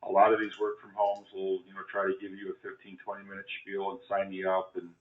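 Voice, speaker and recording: Male phone recruiter, very deep, monotone, phone-quality audio. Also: fast talker. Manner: hesitant, filler-heavy. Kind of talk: sales phone call. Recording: tinny phone line in an echoey room.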